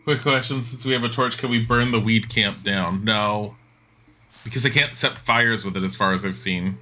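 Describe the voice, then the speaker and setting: A man's voice: fairly low pitch, moderate pace, sharp tone. A man streaming a video game live, chatty and sarcastic, laughing at what happens on screen. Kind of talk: live gaming commentary.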